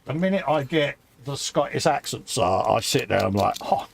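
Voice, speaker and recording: A man's voice: mid-range voice, expressive, normal speed, gravelly, a little hiss or hum. A middle-aged man with a southern English accent, co-hosting a casual live stream and bantering matily with his friend. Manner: matey banter, calls his friend "mate". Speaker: co-host.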